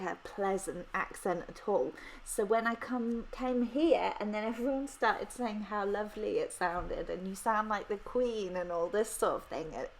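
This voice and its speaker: Young Brummie woman, casual vlog Q&A, giggly and self-deprecating, mid-pitched. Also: slight background noise, low-quality recording. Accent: Birmingham (Brummie). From Birmingham, England. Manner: chatty, self-deprecating, laughs often. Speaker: planner vlogger answering questions. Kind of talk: casual Q&A chat.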